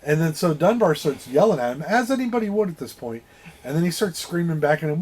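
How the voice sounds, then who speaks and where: Casual male podcast co-host, slightly high voice, rambling and animated plot recap. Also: fast talker, slightly rough. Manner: animated retelling with acted-out quotes and swearing. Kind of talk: casual movie review chat.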